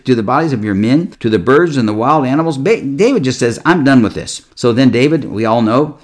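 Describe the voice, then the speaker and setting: A man preaching a conversational sermon, retelling scripture in everyday words and lifting his voice when he acts out the people in the story. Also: medium pitch. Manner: retells scripture in plain words, rising for quoted figures.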